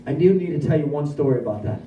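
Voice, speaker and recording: A man giving a lively personal recovery testimony at a speaker meeting, acting out his own dialogue as he goes. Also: fairly high pitch, fast, muffled recording, a little hiss or hum. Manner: animated storyteller who acts out his own dialogue. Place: meeting room at a recovery center. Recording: echoey room, voice from far off.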